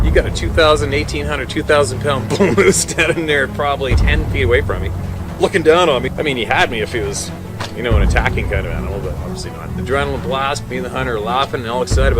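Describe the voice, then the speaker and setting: A man who works as a hunting guide, telling a story in a casual, animated way, swearing freely and acting out what people said. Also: a little high. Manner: animated, swears freely, acts out quotes, laughs mid-story.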